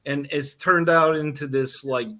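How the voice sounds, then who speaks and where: A man's voice: a little high, steady tone, unhurried, sharp tone. A man co-hosting a chatty interview over a video call, explaining things and laughing often. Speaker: co-host. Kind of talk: casual conversation.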